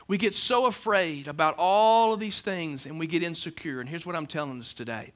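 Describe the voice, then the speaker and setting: A man, preaching a sermon as pastor of a church, swinging between loud emphasis and hushed lines. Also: a little high, fairly quick, few pauses. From Alabama, USA. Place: church sanctuary with a congregation.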